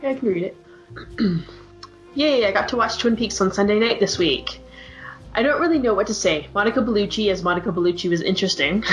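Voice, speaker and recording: A woman's voice: medium pitch, muffled recording. A woman on a podcast panel, reading a listener's email aloud in a plain manner.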